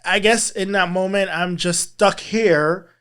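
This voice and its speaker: A man with a slightly high voice recounts a personal experience in a sit-down interview. He talks in an earnest, halting way and often restarts his sentences. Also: fairly even intonation, a bit bright, smooth. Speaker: teacher and guest.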